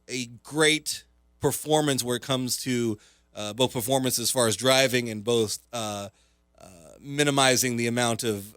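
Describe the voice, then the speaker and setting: A man's voice: medium pitch, fairly bright tone, smooth, no room sound. A man hosting talk radio as a comedian, delivering a casual, rambling monologue full of fillers, sarcasm and self-mockery from a studio microphone.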